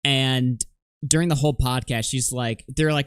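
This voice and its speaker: A man's voice: mid-range voice, moderate pace, clean tone, no room sound, studio quality. A man streaming live, reacting to clips with sarcastic, laughing commentary. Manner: mocking, sarcastic, laughs a lot.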